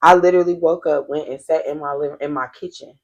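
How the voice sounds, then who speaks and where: A woman's voice: low voice, fairly even intonation, fast talker, darkish tone, dull audio. A young woman on a podcast telling a candid personal story, blunt and full of slang and swearing. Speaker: podcast guest. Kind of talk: casual chat.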